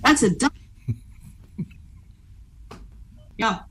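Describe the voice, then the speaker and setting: A woman, a guest pastor telling stories in a conversational faith interview, animated and chatty. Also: a little high, unhurried, slight background noise, low-quality recording. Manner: animated storyteller, frequent "um" and "you know".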